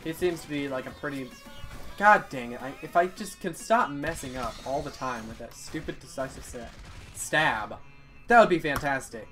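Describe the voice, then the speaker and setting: A young man giving casual, excitable commentary over his gameplay. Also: medium pitch, normal speed, soft background music. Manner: excitable, swears and yelps at the game. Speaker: let's play gamer.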